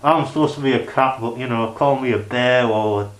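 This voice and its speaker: A man talks loosely through his DVD shelf in a casual review vlog, his voice sitting at an ordinary middle pitch. He wanders between thoughts and leans on "you know" and "like" fillers. The room around him rings with echo. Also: fairly quick, slight background noise. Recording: echoey room.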